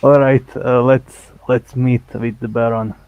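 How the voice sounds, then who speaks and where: A man's voice: medium pitch, little pitch movement, unhurried, clear, resonant tone, phone-quality sound. A man playing a tabletop game who speaks hesitantly, with many fillers. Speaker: player.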